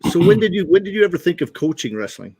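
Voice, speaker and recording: A man's voice: high voice, very animated, fast talker, darkish tone, slightly rough, no echo. A man hosting a casual live talk show, rambling and speaking straight to his viewers. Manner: friendly, rambling, addresses viewers directly. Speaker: podcast host.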